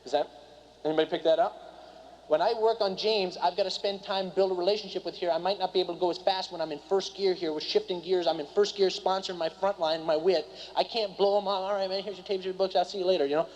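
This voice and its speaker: A man giving a live seminar talk to an audience, talking rapidly and keeps quizzing the crowd. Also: sits high, steady tone. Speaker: seminar speaker and business trainer. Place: meeting room before a live audience. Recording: dull lo-fi recording.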